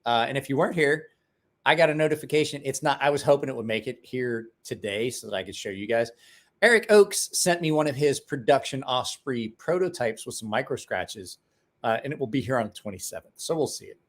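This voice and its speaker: A man's voice: medium pitch, expressive, a little fast. A tired man in his forties from Ohio, hosting a late-night livestream and telling rambling, profane stories with acted-out quotes. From Ohio, USA. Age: 40s. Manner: rambling, profane, folksy storyteller who acts out quotes. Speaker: livestream host. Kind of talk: casual late-night livestream chat and storytelling.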